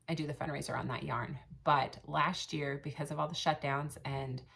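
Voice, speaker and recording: A low-pitched woman in her thirties chats casually for a craft vlog, her voice carrying a gravelly rasp. She rambles earnestly, restarting sentences and filling pauses with ums. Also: fairly bright tone. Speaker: cross stitch vlogger and shop owner. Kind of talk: casual chat.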